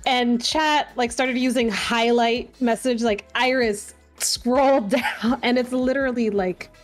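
A woman's voice: on the high side, fairly even intonation, measured pace, soft background music. A woman guest on a podcast, chatting casually and laughing often as she tells a story, with many fillers. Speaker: guest streamer and artist.

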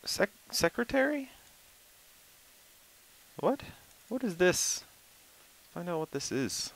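Young male gamer, slow, goofy, swears a lot, bursts into high yelling; gravelly, bright tone. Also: big pitch swings, dry recording, poor audio. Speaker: gameplay commentator. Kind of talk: casual let's-play commentary.

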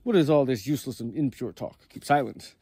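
A man's voice: fairly high pitch, brisk, mellow, dry recording, close to an everyday voice. A man reading as a stern scolding prophet. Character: stern rebuking male prophet, indignant.

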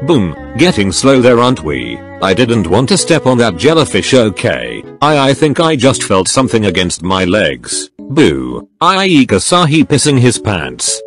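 Male TTS narrator for a text story; low-ish, lively intonation, one voice for all characters. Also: normal speed, few pauses, soft background music. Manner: reads every character in one voice, spells out text slang. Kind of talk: text-to-speech reading of a chat story.

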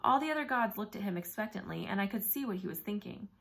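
A woman reading a novel aloud in first person, with brisk, vivid storytelling. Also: mid-range voice, expressive, creaky. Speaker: audiobook narrator.

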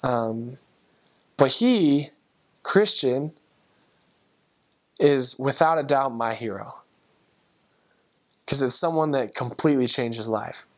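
A man's voice: mid-range voice, expressive. Earnest young man telling a testimony. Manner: earnest and emotional, with halting restarts. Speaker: returned missionary. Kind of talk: personal testimony storytelling.

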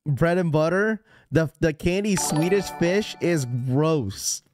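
A man's voice: fairly high pitch, slow pace, over music. A man hosting a live stream, talking casually and rambling to his chat. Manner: rambling, chatty, talks straight to chat. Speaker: livestream host.

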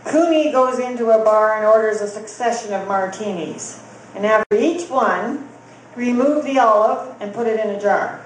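A woman comedian telling jokes slowly and deliberately to a live audience, pausing for laughs. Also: on the high side, very echoey, a little hiss or hum, poor audio. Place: coffee house.

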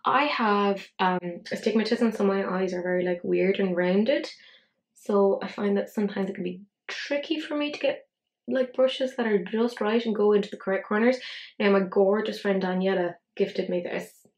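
A woman's voice: medium pitch, normal speed, a little mellow, poor audio. A woman in her thirties chatting casually through a makeup tutorial. She swears freely and talks to herself as she works. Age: 30s. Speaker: beauty vlogger.

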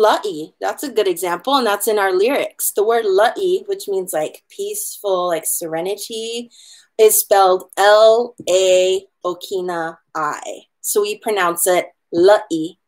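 Chatty woman teaching an online hula class. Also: medium pitch. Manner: chatty and encouraging, slows to spell out letters. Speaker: hula instructor. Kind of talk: online class lesson on pronunciation.

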